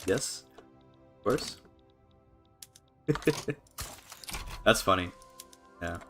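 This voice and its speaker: A man's voice: on the low side, extremely slow, faint music behind. A man casually commentating a strategy game on a live stream, thinking aloud with many fillers and restarts, breaking into laughs. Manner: laughs often, voice jumps up when excited.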